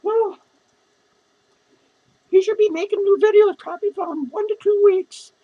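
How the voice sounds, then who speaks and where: A woman's voice: very high-pitched, measured pace, phone-quality sound. Woman playing a drunk, lonely clown lady. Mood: drunk rambling. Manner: rambling, profane, giggly. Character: drunk, lonely, foul-mouthed female clown. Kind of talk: rambling character vlog.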